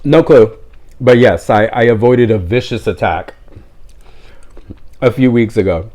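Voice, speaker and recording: A man's voice: medium pitch, unhurried, darkish tone. A man telling a story in a casual vlog, rambling and breaking off into tangents he apologizes for. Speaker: vlogger.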